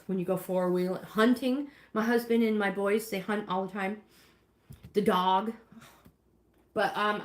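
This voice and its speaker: A middle-aged woman from New York State, chatting rambly with viewers on a livestream while she cleans her kitchen, often exclaiming to herself. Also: medium pitch. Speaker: livestream host. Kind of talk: casual chat while cleaning. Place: home kitchen, indoors. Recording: roomy echoey kitchen sound.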